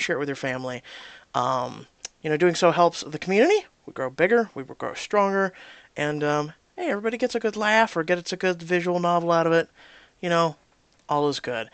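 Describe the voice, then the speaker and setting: A young man reading through a story game and chatting about it afterward, animated and chatty. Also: high voice, no room sound. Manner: animated, laughing, chatty with fillers. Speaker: YouTuber playing a story game. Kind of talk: let's-play reading and commentary.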